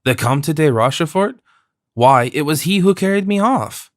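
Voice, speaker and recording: A man's voice: medium pitch, fairly quick, dry recording, studio quality, natural voice. A man voicing a spirited young wife in an audiobook, scornful and pleading by turns, his voice lifted for her. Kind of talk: audiobook character voice.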